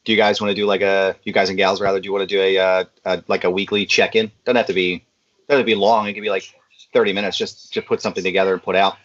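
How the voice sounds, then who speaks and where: A man's voice: sits low, little pitch movement, fairly bright tone, dry recording. A man with a chesty cough, chatting casually on a group call and rambling with lots of fillers. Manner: rambling, halting with many fillers. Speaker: podcast co-host. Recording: muffled lo-fi call audio.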